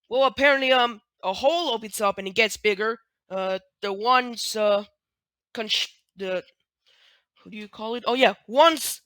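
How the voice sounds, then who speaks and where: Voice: medium pitch, sharp tone, dry recording. A speaker casually retelling cartoon scenes in a rambling, hesitant way, full of fillers and restarts.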